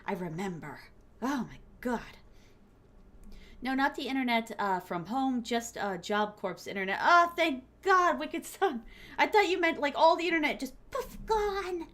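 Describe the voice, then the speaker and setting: A young adult woman from Florida chats playfully with viewers on a stream, laughing often. Her voice is fairly high and animated, and she talks at a normal speed.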